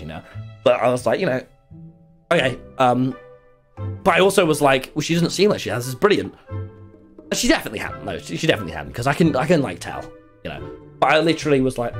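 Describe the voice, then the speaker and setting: A young man telling a rambling, excitable story in a casual stream chat, full of fillers and sudden yelps. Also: mid-range voice, quick pace, long pauses, soft background music. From England.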